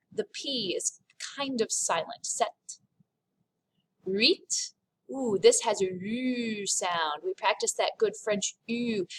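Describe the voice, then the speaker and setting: A woman's voice: on the high side, slight background noise, poor audio. A woman French teacher giving a recorded online lesson, explaining pronunciation patiently and step by step.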